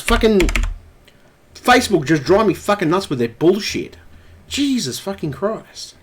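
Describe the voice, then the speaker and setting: A man's voice: sits high, very animated, a little slow, slight background noise. A man live streaming at his computer, ranting angrily and swearing constantly. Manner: angry, profane ranting.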